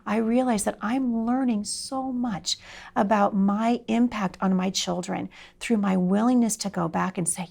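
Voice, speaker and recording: A middle-aged woman telling a personal story in an interview, animated and expressive, acting out voices and sinking to a soft near-whisper at tender moments. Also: mid-range voice, unhurried, vocal fry. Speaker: homeschooling speaker.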